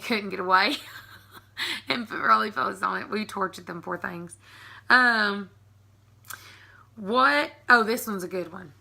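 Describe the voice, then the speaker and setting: A woman's voice: mid-range voice, gravelly, bright, forceful tone. A woman in her thirties with a Southern American accent, chatting casually and giggling through an accent tag video. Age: 30s. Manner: chatty, giggly, frequent ums. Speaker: vlogger.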